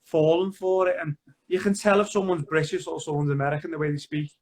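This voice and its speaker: A man with a Liverpool accent speaks as a soldier guest on a casual video chat. His voice sits high for a man, and he talks earnestly and haltingly, often restarting his sentences. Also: little pitch movement.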